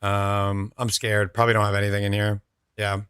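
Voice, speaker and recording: A man's voice: on the low side, little pitch movement, moderate pace, a bit bright, smooth, no echo, clean studio sound. A young man streaming a game, chatting casually with his viewers and answering their messages. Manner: chatty, reads out and answers chat, laid-back. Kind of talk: casual chat with viewers while gaming.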